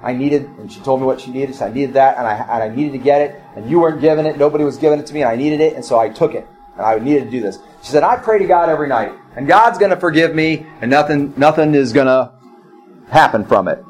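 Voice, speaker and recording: A man's voice: mid-range voice, quick pace, darkish tone, low-quality recording. A middle-aged male pastor preaching a sermon, repeating phrases and telling personal stories.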